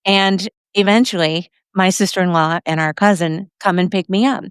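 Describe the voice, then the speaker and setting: A middle-aged woman hosting a podcast, telling a personal story in a lively way, laughing often. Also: on the low side, moderate pace, smooth, no echo, clean studio sound. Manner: lively, acts out other people's lines, laughs often.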